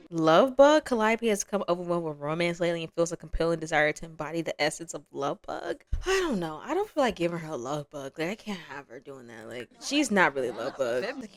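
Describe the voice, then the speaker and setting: A woman's voice: fairly low pitch, lively intonation. Playful, chatty young woman gamer. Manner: chatty, playful, quick to laugh. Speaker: gaming vlogger. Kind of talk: casual gameplay commentary.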